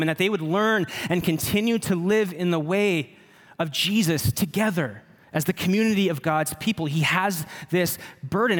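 A man in his thirties, a pastor preaching a sermon in an earnest, personal way. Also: a little high. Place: church sanctuary. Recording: reverberant church hall.

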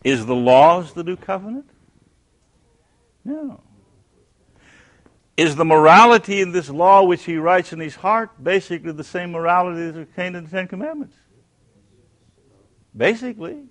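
A man teaching a Bible class who questions his listeners, answers himself, and swings between loud emphasis and hushed tones. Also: high-pitched, animated, moderate pace, pauses often.

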